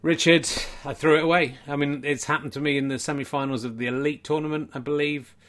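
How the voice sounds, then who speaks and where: A man's voice: a little high, steady tone, fast, fairly bright tone, natural voice. Brief: male comic voicing a female alter ego, plain voice, earnest and rueful. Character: female alter ego, a wistful snooker loser.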